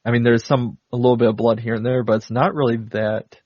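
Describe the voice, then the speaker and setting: A man's voice: medium pitch, steady tone, fast, no echo, lo-fi sound. A man co-hosting a podcast, casually retelling a film's plot in a rambling way, full of fillers. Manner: rambling, many fillers and laughs. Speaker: podcast co-host. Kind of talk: casual movie recap chat.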